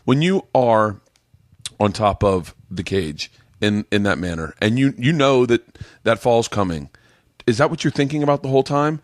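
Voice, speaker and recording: A man hosting a loose comedy podcast, cracking jokes and breaking into laughs. His pitch swings widely, so his speech comes out bouncy and expressive, at a middle pitch for a man. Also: moderate pace, no echo. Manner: joking, laughs a lot, lively delivery. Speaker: podcast host. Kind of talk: casual comedy podcast chat. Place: hotel room.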